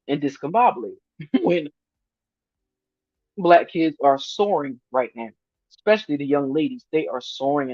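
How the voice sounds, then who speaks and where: A woman in her fifties chatting casually to her viewers on a livestream, animated and laughing often as she reads their comments. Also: low-pitched, no echo. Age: 50s. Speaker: vlogger reading viewer comments. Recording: dry, slightly muffled lo-fi sound.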